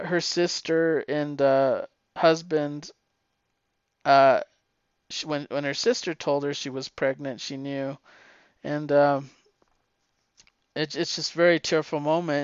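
A man with a smooth, resonant voice recaps a comic book in a casual, heartfelt way, his voice catching with emotion. The recording is dry and a bit dull and lo-fi. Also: fairly high pitch, no echo. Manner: emotional, chokes up while recounting.

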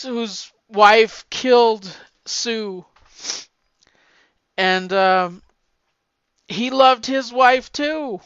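A man's voice: very high voice, fairly bright tone, clean tone, dry recording, lo-fi sound. A man talking casually and at length about comic books, rambling with stammered restarts and swearing freely. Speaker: comic book fan talking to a friend. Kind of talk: casual chat.

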